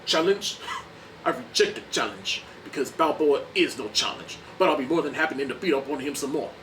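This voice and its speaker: A man voicing a brash, angry male boxer who taunts his rivals in a loud, aggressive way. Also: a little high, expressive, normal speed, far from the mic, a little hiss or hum. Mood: mocking. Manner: loud, aggressive, trash-talking.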